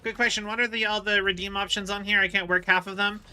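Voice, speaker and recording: This man streaming a video game talks quickly in a high, level voice whose tone is sharp, clear, and resonant. As a livestreamer, he chats casually and rambles through long explanations full of fillers.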